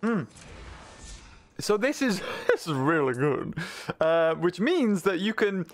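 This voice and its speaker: A man with a high, bouncy voice that leaps all over the place chats excitedly through his gameplay, laughing often. He talks from his home desk into a microphone run through a mixer. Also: slow pace, soft background music. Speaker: gaming video creator. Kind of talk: casual let's-play commentary.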